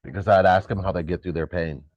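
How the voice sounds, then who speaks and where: A man's voice: low voice, steady tone, fast talker, no echo, muffled recording. A man co-hosting a casual live spiritual chat stream, laughing often and trailing off mid-thought.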